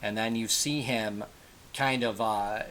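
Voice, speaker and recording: A man with a lowish voice recaps a TV episode in loose, conversational fashion. He rambles, circles back and corrects himself as he goes. A faint hiss sits under the recording. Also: fairly even intonation, slow, a bit bright. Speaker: TV episode reviewer. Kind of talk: casual spoken episode recap.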